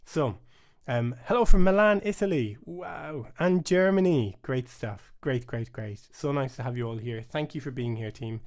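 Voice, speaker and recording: A man's voice: medium pitch, normal speed, hardly any pauses. Upbeat man teaching rhythm on a live stream. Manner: upbeat, chatty, chants rhythm syllables aloud. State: voice starting to rasp. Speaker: bodhrán teacher and channel host. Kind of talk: live-streamed music lesson.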